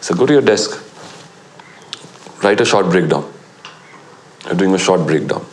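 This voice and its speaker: A man's voice: sits low, unhurried, slight background noise. A middle-aged man, a film actor in a documentary interview, telling anecdotes and acting out what others said. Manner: animated storyteller who acts out quoted lines.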